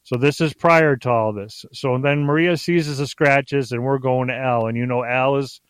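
A middle-aged man telling stories as a podcast guest in a rambling, excitable way, often restarting his sentences. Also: mid-range voice, normal speed, clean tone, dry recording. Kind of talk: casual storytelling on a podcast.

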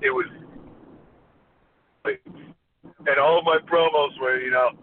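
A man's voice: on the high side, steady tone, takes it slowly. Man, former wrestler, interview guest, rambling storytelling, phone-like sound, faint background hiss. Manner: rambling, with frequent restarts.

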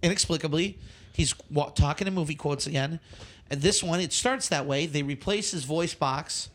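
Animated ranting man, higher voice. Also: normal speed. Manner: animated, swears often, exasperated rants. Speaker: podcast co-host. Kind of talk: casual movie chat.

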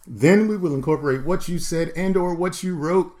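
A man's voice: on the high side, moderate pace, a little mellow. A man in his forties co-hosting a podcast, joking and rambling in a playful, casual way. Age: 40s. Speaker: podcast co-host.

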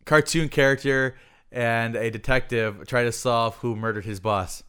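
Man, podcast co-host, casual chat, smooth clear voice, profane, laughs a lot. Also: medium pitch, unhurried. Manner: profane, laughing, animated storytelling.

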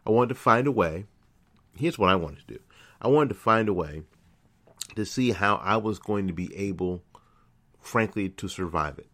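The middle-aged host of his own internet radio show has a very low, deep voice with a fairly bright tone, expressive at a normal speed with frequent pauses. Speaking into a studio microphone, he tells a personal story loosely, repeating words and correcting himself by restarting sentences.

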